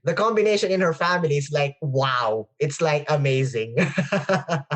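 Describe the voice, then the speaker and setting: A podcast host on a video call who talks in an excitable, effusive way, laughs often and repeats phrases. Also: medium pitch, normal speed. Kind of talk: interview chat.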